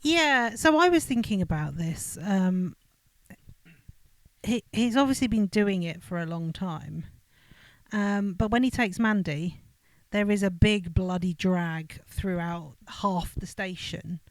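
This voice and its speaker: A woman's voice: medium pitch, takes it slowly, no echo. A woman co-hosting a podcast, chatting casually and making wry, laughing asides about a horror film. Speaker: podcast co-host. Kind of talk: casual film review chat.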